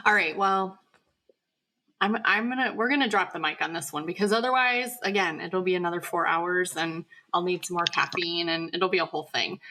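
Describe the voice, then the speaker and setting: A woman hosting a podcast, joking and brisk as she wraps up the chat. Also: fairly low pitch, pushed and bright. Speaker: podcast host. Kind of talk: casual chat.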